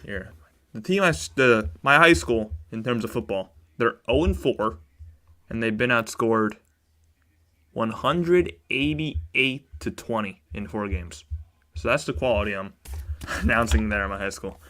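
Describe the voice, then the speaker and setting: A man's voice: lowish voice, a little slow, sharp tone. Casual young man hosting a sports stream. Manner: casual, chatty, talks to chat viewers. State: sore throat, a bit monotone. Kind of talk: live baseball commentary stream.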